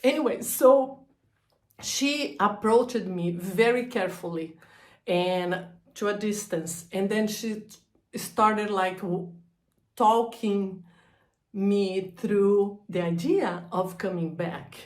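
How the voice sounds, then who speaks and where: A woman telling a personal story about a breakdown, halting and emotional, laughing through hard memories. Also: medium pitch, darkish tone, roomy sound. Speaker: energy healer sharing her story.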